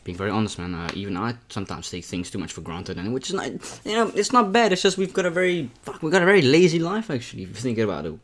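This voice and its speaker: A man's voice: mid-range voice, sing-song, fast talker, hardly any pauses, fairly bright tone. A young man vlogging a mukbang, talking casually and candidly between bites, rambling and often saying "man". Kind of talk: casual talk to camera while eating.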